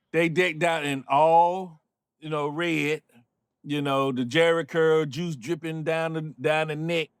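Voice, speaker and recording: A man's voice: fairly high pitch, dry recording. A man in his fifties from North Carolina, telling a personal story in a loose, casual way with frequent asides. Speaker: show host and storyteller.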